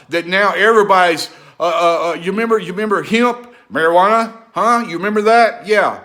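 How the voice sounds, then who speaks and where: A man hosting his own video channel, talking straight to the viewer in an impassioned, repetitive way. He swings between loud urging and low, confiding asides, and keeps asking rhetorical questions. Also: a little fast, hardly any pauses. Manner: preachy, asks the listener rhetorical questions. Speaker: vlog host. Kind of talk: impassioned direct-to-camera monologue.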